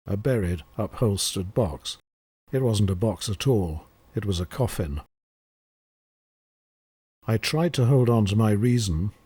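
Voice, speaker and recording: A man narrating a horror story in a measured, grave manner. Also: on the low side, darkish tone, breathy edge. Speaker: audiobook narrator. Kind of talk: scripted narration.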